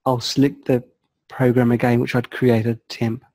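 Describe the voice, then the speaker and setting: A man calmly narrating a software walkthrough step by step, explaining each setting as he clicks through it. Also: medium pitch, moderate pace, dry recording, rough recording. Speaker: software tutorial presenter. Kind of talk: screen-recorded software walkthrough.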